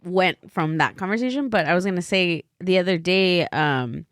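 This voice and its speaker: A woman's voice: on the low side, moderate pace, no room sound, studio quality. A woman co-hosting a podcast, chatting casually and rambling through a personal story, quoting herself as she goes.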